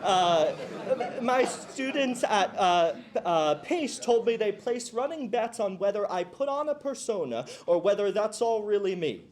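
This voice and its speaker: A man in his thirties from New Jersey gives a graduation speech as a clown teacher, with a notably high voice. He jokes at his own expense and stumbles through little fillers between heartfelt points. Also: animated, unhurried, a faint crowd. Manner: playful, self-mocking, with hesitant fillers. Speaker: commencement speaker and clown teacher. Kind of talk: graduation speech to a live audience.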